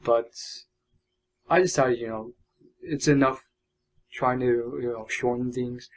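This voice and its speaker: A man's voice: mid-range voice, fairly even intonation, slow pace, rough recording. A young man talking in a loose, unscripted vlog monologue, rambling with many fillers and restarts. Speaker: vlogger. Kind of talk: unedited casual vlog monologue.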